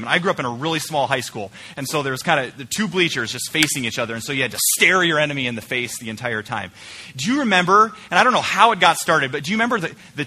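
A male pastor preaching a conversational sermon in a church, swinging between emphatic points and quiet, searching questions. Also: fairly high pitch. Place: church sanctuary.

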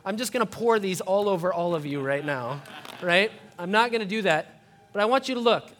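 A high-pitched man in his thirties preaches from the front of a church. He tells his story with animated energy, jumping between a soft, hushed tone and bursts of shouting as he acts out the scene. The sound is of a sermon delivered to a congregation. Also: a little fast. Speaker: pastor. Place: church sanctuary.

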